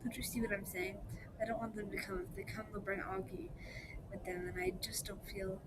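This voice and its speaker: A woman reading aloud, voicing a tearful teenage girl who speaks softly through her crying. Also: mid-range voice, a little fast, lightly acted. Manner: soft, quiet, crying speech. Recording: steady background noise.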